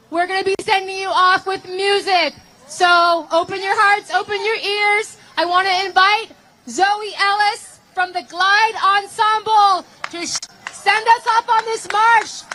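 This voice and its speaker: A woman's voice: very high voice, steady tone, unhurried, pushed and bright, rough recording. A woman emcee at a rally who is losing her voice, upbeat as she introduces speakers.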